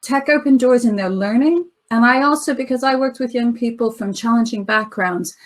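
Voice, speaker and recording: A woman in her fifties, from the United States with an American accent softened by decades in Britain, giving a conference talk over a video call with chatty, self-deprecating storytelling. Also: fairly high pitch, normal speed. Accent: American with a British tinge. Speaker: panel speaker. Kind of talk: conference talk, personal anecdote.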